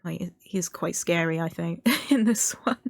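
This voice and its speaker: A woman's voice: on the low side, unhurried, creaky, no echo, clean studio sound. A woman streamer chatting casually and enthusiastically about a movie trailer, with many fillers and little laughs. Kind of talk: casual commentary.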